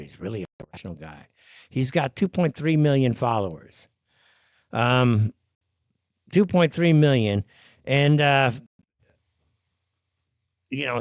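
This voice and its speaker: A man's voice: mid-range voice, no echo. A man hosting a live commentary show, ranting in a heated, exasperated way and swearing often. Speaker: show host.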